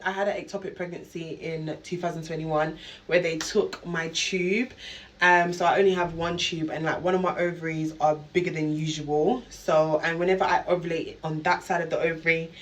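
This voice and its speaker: A woman's voice: lowish voice, slight background noise. A woman vlogging casually, talking straight to her viewers and swearing freely. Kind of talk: casual vlog.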